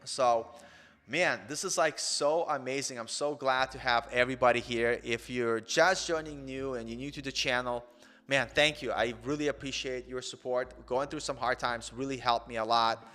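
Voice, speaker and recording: A man's voice: medium pitch, fairly even intonation, moderate pace, bright, forceful tone, big-room sound. A man in his forties hosting a coding channel in an earnest, rambling live-stream chat, peppered with "man". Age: 40s.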